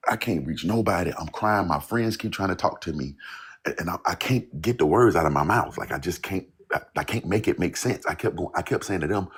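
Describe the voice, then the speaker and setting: A man, a songwriter guest, telling a personal story casually, rambling and halting in places. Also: deep voice, slightly rough. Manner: loose, rambling, repeats "you know what I'm saying".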